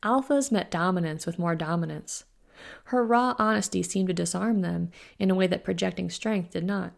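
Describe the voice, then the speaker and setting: A woman author reads her own fantasy novel aloud in a steady, even manner. Her voice is low and carries heavy vocal fry throughout. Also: moderate pace. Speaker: author reading her book. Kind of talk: audiobook narration.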